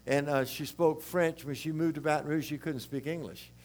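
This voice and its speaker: An older man from South Louisiana with its accent, preaching a sermon in a rambling, folksy, animated way. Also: fairly high pitch, moderate pace.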